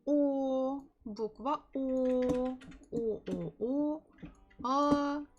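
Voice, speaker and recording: Slow Russian-accented woman teaching. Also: mid-range voice, expressive, highs cut off, a little hiss or hum. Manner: slow, repeats words for practice. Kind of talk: live-streamed language lesson.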